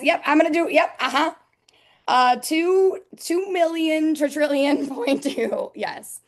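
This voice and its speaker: A woman's voice: sits high, moderate pace. A young adult woman chatting casually in a webinar, telling stories animatedly and mimicking voices, heard over a video call. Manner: animated storyteller, mimics her mom.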